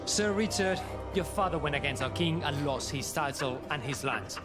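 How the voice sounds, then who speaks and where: A man's voice: fairly high pitch, normal speed, natural voice. An actor playing a stubborn, dutiful man-at-arms in a story game, stiff and unbending. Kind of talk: game voice acting. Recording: game audio with loud music.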